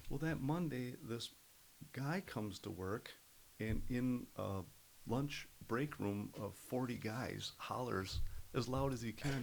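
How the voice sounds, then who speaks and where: A middle-aged man, a podcast guest, telling stories in an earnest, animated way. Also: mid-range voice, takes it slowly, vocal fry, low-quality recording. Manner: earnest, animated storyteller who acts out other people's voices. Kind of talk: casual storytelling interview.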